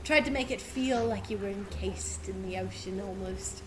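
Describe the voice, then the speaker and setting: A woman's voice: mid-range voice, normal speed, background noise, natural voice. A woman voicing a polite male water genasi who owns a bathhouse, courteous and businesslike, in a tabletop game. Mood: gracious.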